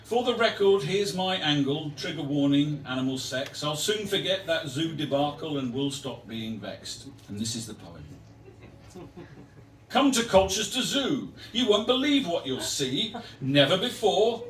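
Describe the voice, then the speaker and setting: A man's voice: fairly high pitch, very animated, a little slow, fairly bright tone, echoey room, far from the mic, a little hiss or hum. Wry male poet reading live. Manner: wry, playful, self-mocking humour. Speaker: performance poet. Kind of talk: live poetry reading with banter. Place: live venue with audience.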